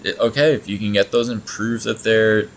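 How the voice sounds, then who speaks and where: A man's voice: lowish voice, fairly even intonation, moderate pace, a little hiss or hum, rough recording. A man hosting a reaction video, talking casually in a blunt, sarcastic way and swearing often.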